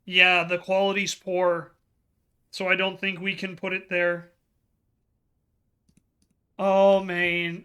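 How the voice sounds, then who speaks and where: A man's voice: sits high, completely flat delivery, slow, long pauses, bright, forceful tone, clear, resonant tone. A man hosting a let's play video, commenting as he plays and sighing and lamenting his setbacks with repeated dismay. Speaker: gaming video host.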